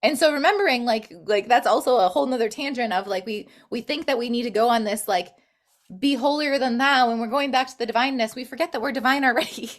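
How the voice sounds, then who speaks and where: Woman w a higher voice chatting about healing stuff on a podcast, earnest, lots of "like". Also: quick pace. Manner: earnest and flowing, full of "like". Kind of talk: casual spiritual podcast chat.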